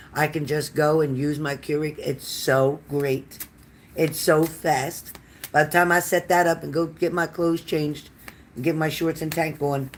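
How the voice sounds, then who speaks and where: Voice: mid-range voice, a little hiss or hum. A psychic card reader hosting a live stream, chatting loosely with viewers by name, with many fillers and restarts. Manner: chatty and warm-toned, addressing viewers by name and calling them honey. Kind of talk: casual live-stream card reading, answering viewer comments.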